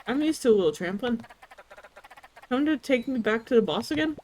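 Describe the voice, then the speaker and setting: A little timid critter from a cozy game, voiced by a woman in a raised, chirpy tone. It sounds cheerful and a bit apologetic. The pitch bounces around lightly. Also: expressive, a little fast, darkish tone, a little hiss or hum, natural voice. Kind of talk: reading game dialogue aloud.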